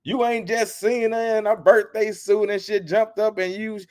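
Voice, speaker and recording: A channel host with a high, somewhat mellow voice retells a story in animated commentary, teasing with jokes, repeating lines and acting out quotes. His tone stays level and his pace moderate.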